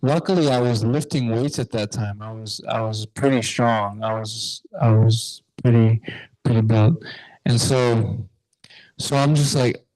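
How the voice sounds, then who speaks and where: A young man in class casually telling a funny story, animated and full of fillers. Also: mid-range voice, unhurried, dry recording, rough recording. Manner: animated, lots of fillers and restarts.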